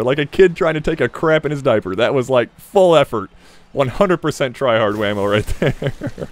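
A man with a slight Southern US accent giving rambling, self-mocking commentary while playing a game, breaking into sudden excited yelps. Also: mid-range voice, moderate pace, soft background music. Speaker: gaming YouTuber. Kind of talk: casual gameplay commentary.

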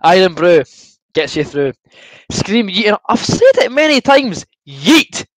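High-voiced Scottish man reading chat. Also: big pitch swings, unhurried, dry recording, low-quality recording. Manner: chatty and good-humoured, reads out comments and answers them. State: queasy from drinking fizzy juice. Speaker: livestream host. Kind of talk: casual watchalong chat, reading viewer comments.

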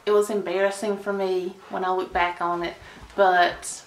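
A woman's voice: lowish voice, level tone, moderate pace, a little hiss or hum. A woman telling a story in a chatty, gushing way. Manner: chatty and gushing, with sighs and laughs. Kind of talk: casual storytime. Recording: echoey room.

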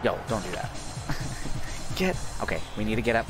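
A man giving excitable, cursing commentary while playing a video game, his voice going hoarse. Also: fairly low pitch, moderate pace. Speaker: gaming channel host. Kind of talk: casual gameplay commentary. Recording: game music loud behind voice. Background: video game music.

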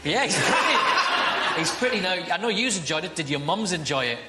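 A woman's voice: on the low side, sing-song, normal speed, heavy background noise. Woman coaxing kids in an echoey room. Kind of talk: chatty questions to children.

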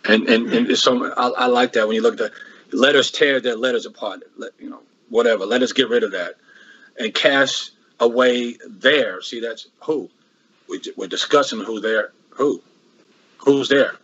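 Husky man preaching a Bible lesson. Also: medium pitch, moderate pace, a bit bright, dull audio. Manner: repetitive, restarts often, rhetorical questions. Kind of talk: Bible class sermon.

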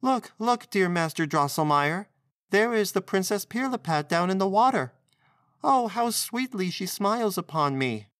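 A man voicing Maria, an excited young girl, in a high, gushing voice. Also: moderate pace, no room sound, clean studio sound. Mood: delighted.

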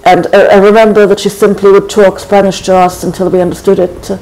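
A speaker in their forties from Trinidad, answers interview questions slowly and thoughtfully. The voice stays flat and even. Its tone is soft and dark, with frequent thinking pauses. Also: mid-range voice, low-quality recording. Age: 40s. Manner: thoughtful and measured, frequent hesitations. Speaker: guest poet. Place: college.

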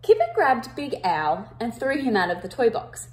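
A woman reading a picture book aloud to children, with expressive emphasis, and pausing to ask her listeners questions. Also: on the high side. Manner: interactive, asks the listeners questions.

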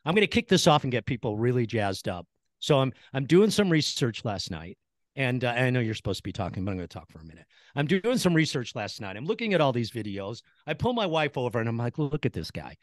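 A man from Chicago hosting a podcast interview, effusive and excitable, laughing often and repeating himself. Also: mid-range voice, quick pace, dry recording, clean studio sound. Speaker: podcast host. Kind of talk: enthusiastic interview chat.

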